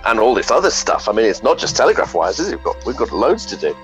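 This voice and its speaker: A man's voice: lowish voice, very animated, fast talker, over music, rough recording. A man chatting as a player in a tabletop game, reading out mission goals. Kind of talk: casual chat at a gaming table.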